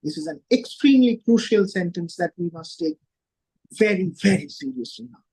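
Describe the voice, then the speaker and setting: Man, scripture lecture, high voice, emphatic, repeats words for stress, rhetorical questions. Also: lively intonation, normal speed, dark tone, breathy edge, rough recording. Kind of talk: devotional scripture class.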